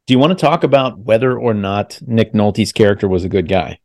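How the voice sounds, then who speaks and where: A man hosts a relaxed podcast chat. His pitch rises and falls a lot as he teases his guests. He talks loosely and casually. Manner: animated, quick to tease. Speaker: podcast host.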